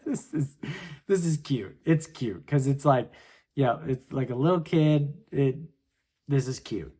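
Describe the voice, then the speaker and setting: A man's voice: medium pitch, unhurried, warm tone, husky. A man casually chatting his way through a comic chapter, laid-back and full of slangy filler. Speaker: manga reaction host. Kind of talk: casual chapter read-along commentary.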